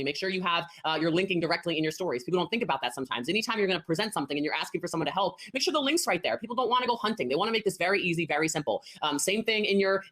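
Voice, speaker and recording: Fast-talking female sales coach, emphatic, slips into mock voices. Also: on the low side, a bit bright. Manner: rapid, emphatic, acts out quoted voices. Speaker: network marketing coach. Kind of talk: live coaching call advice.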